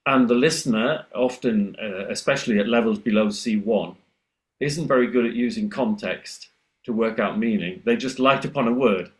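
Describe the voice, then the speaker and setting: Low-voiced man explaining on a video call. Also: moderate pace. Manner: lively, acts out students' voices in a higher pitch. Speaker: pronunciation teacher on a panel. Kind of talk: explanatory webinar discussion.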